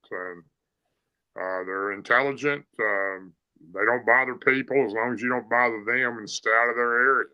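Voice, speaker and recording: A man's voice: mid-range voice, moderate pace, sharp tone, clear, resonant tone, rough recording. A man telling a story in a plain-spoken, rambling way, with many fillers. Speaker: guest telling an encounter story. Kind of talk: casual storytelling.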